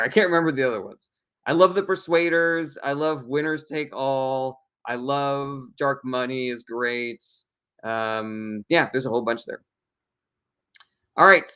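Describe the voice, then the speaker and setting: A man's voice: medium pitch, a bit bright. A man answers questions from his live chat in a blunt, casual way, reading each message aloud before he replies.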